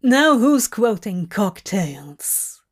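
A woman's voice: medium pitch, sing-song, extremely slow, breathy edge, heavily acted. A woman voicing Crowley, a guarded young man who gives short, cautious replies, in a fanfic reading.

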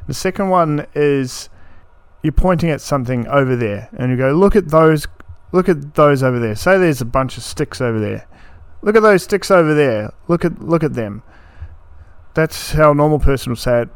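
A New Zealand man in his thirties hosts a solo podcast, ranting bluntly and swearing freely. His voice is on the high side, expressive, clear and resonant, at normal speed with no echo.

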